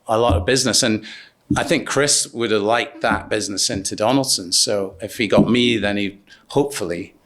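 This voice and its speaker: Man, low-voiced, hesitant storyteller. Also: a bit bright. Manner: hesitant, many ums and restarts. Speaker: business partner guest. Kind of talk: anecdotal interview storytelling.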